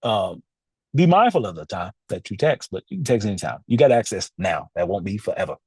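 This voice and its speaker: Animated podcast host with a lively voice. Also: male voice, lowish voice, fairly quick, husky, no room sound. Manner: animated, laughs often, talks straight to listeners. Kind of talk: casual storytelling monologue. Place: podcast studio.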